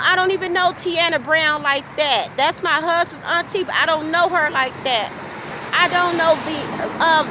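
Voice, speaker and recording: A woman's voice: sits high, noisy background. A woman recording an emotional personal monologue, talking with passion and repeating herself, asking question after question. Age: adult. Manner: impassioned, repetitive, rhetorical questions. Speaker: vlogger.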